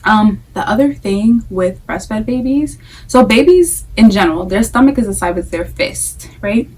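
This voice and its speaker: A woman's voice: medium pitch, expressive, measured pace, a little mellow, slightly rough, recorded from a distance, rough recording. A young adult woman talking casually to camera about her experience as a mother, candid and chatty, often repeating phrases for emphasis. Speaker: vlogger, breastfeeding mom.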